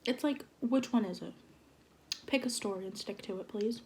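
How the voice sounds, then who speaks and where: A young woman in her twenties telling a storytime vlog in an animated, exasperated way. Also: fairly high pitch, normal speed. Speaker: vlogger. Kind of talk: storytime vlog while eating.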